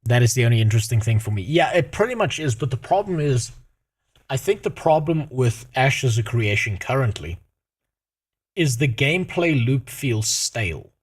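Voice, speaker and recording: A man's voice: mid-range voice, big pitch swings, moderate pace, husky. A man chatting on a stream with a sore throat. He rants and swears constantly. His voice swings widely up and down as he talks. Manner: swears often, rants animatedly. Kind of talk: casual reaction stream chat.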